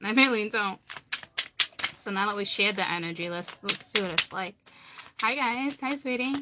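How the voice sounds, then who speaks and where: A woman's voice: mid-range voice, normal speed, long pauses. Woman, Massachusetts accent, casual livestream chat, rambling and repetitive, noisy hiss behind her. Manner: rambling, chatty, repeats herself. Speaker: tarot card reader on a livestream.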